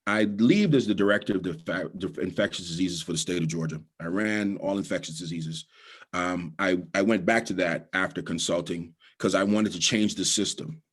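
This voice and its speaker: A man's voice: low voice, normal speed, husky. A middle-aged man from the Bahamas with a Bahamian accent, giving a motivational storytelling talk as guest speaker and repeating key lines for emphasis.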